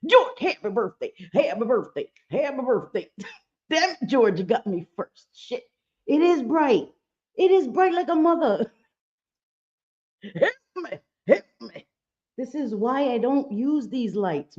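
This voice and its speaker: A woman's voice: a little high, darkish tone, highs cut off. A woman hosting a casual livestream from home, talking to viewers and swearing freely. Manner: chatty, swears freely, laughs often. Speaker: livestream host. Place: home room with bright lights.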